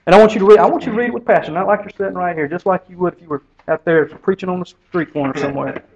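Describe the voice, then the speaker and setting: A man's voice: sits high, very fast, a little mellow, a little hiss or hum. A man leading a men's Bible study, speaking earnestly and stumbling over repeated words as he pushes his point. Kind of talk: casual exhortation. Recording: dull lo-fi recording.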